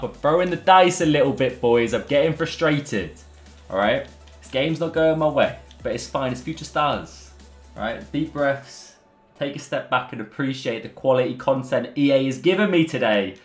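An excitable young man bantering his way through live football game commentary. His voice sits in a roomy, echoing space with faint music playing underneath. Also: medium pitch. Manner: excitable, banter-filled, addresses viewers as lads and boys. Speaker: gaming YouTuber.

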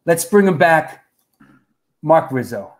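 A man's voice: on the high side, very animated, slow. A man hosting a casual livestream, chatting loosely with viewers and a guest, full of bro and yo. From New York. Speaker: host.

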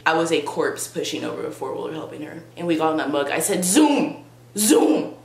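A woman's voice: low voice, quick pace, creaky. A young woman vlogger telling a comic story in a dramatic, sarcastic, exaggerated way. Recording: roomy with faint hum.

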